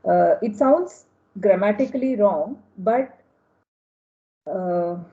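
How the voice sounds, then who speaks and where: A woman's voice: mid-range voice, expressive, slow pace. A woman with an Indian English accent, reasoning thoughtfully and a little hesitantly in a workshop discussion. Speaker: workshop participant. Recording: dull lo-fi call audio.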